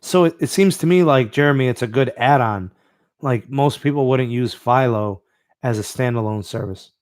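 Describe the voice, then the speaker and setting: A man's voice: medium pitch, moderate pace, no room sound. Chill guy doing a live podcast, answers chat, lots of "uh" and "you know", dry close sound. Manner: laid-back, reads out live chat, many fillers. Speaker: podcast host.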